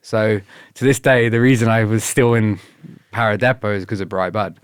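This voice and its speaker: A man's voice: fairly low pitch, moderate pace, smooth, dry recording, studio quality. A man with a British accent, a podcast guest telling stories in a casual, laid-back way and quoting others with bursts of energy. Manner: laid-back, laughs often, quotes others in lively bursts. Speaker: podcast guest, former paratrooper. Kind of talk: casual storytelling interview.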